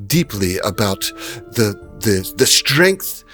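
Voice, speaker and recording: A man voicing an excitable, pompous male host who barks orders and fawns over his guest. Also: fairly low pitch, takes it slowly, soft background music, exaggerated voice. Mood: fawning. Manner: flustered, shouting orders.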